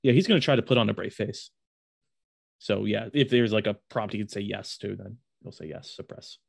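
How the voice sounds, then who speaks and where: Man who is a tabletop player, gravelly and lowish voice, hesitant in character. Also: brisk. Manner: hesitant, with restarts while in character. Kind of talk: playing a character in a tabletop game.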